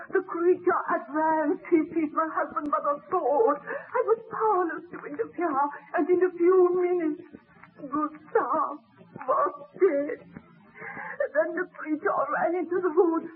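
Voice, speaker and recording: An actress playing a newly widowed peasant woman who sobs as she tells what happened, in 1930s radio acting. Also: high voice. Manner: sobbing, breathless telling. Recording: tinny, hissy old radio recording.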